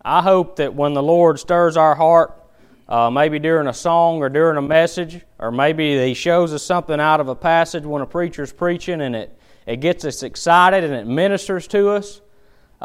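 A man preaching a sermon, with folksy storytelling and emphatic, animated delivery. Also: fairly high pitch, clean tone.

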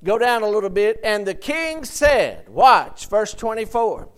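A man preaches a sermon in a high, clear, smooth and resonant voice with big pitch swings, taking his time. He reads King James verses aloud, retells scripture in everyday language and pauses to ask the congregation for an amen.

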